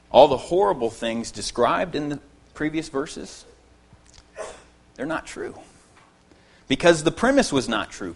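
A man delivering an expository sermon with an ordinary mid-range voice. He is earnest and emphatic, pressing hard on key phrases, repeating them, and then dropping to quieter asides. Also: mid-range voice, lively intonation, a little slow. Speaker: preacher.

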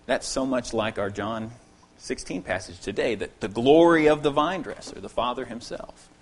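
A man preaching an expository sermon to his congregation, earnest and emphatic, repeating key phrases and dropping to quiet asides. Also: medium pitch, normal speed.

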